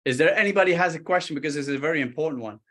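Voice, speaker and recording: A man, a guest expert on a talk show, explaining body language with lively stories, acting out quoted speech and often restarting his sentences. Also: on the high side, very fast. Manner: animated, acts out quoted speech, frequent restarts.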